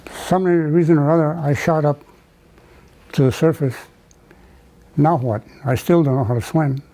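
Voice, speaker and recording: An older man from the United States, telling a wartime memory in an oral history interview, halting with many fillers and restarts. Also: a little high, steady tone, dark tone, rough recording. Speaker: veteran interviewee.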